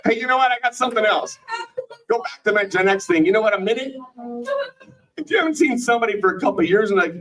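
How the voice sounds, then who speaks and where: A man's voice: high-pitched, lively intonation, quick pace, a bit bright, recorded from a distance, soft background music, rough recording. A middle-aged man doing a rambling, profane stand-up set in a small bar, often stopping himself mid-thought. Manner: rambling, profane, self-interrupting. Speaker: stand-up comedian and show host.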